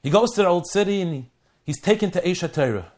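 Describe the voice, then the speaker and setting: A rabbi tells a story in a fairly high male voice. He moves from ringing emphasis down to near-whispered moments for drama. It is a heartfelt spoken appeal. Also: animated, fast talker. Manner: dramatic, swings between loud and hushed.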